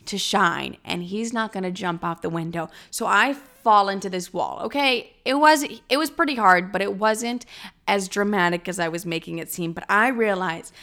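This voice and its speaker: Young woman podcaster, bright sharp voice, super animated storytime, swears a lot. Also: normal speed. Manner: animated, crude, swears freely, acts out quotes in a high voice. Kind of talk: casual storytime monologue.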